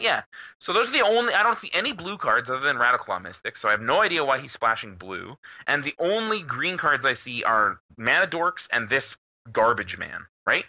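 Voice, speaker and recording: A young man co-hosting a podcast, telling a story in a casual, animated way with plenty of swearing. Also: a little high. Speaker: podcast co-host. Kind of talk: casual chat.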